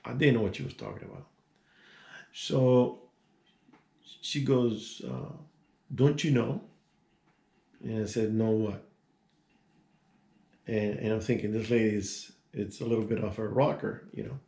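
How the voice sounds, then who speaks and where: Older man in his sixties with a gravelly, creaky voice. Casual storyteller who rambles and restarts. Echoey room. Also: on the low side, animated, normal speed, a little mellow. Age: 60s. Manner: rambling, digressive, many restarts and asides. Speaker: vlogger telling a personal story.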